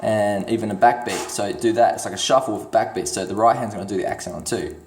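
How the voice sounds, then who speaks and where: A man's voice: fairly low pitch, fast talker. A man teaching drums casually, rambling a little and counting beats aloud while he plays. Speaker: drum teacher. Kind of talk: casual demonstration lesson. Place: room with drum kit. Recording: roomy with loud brush noise.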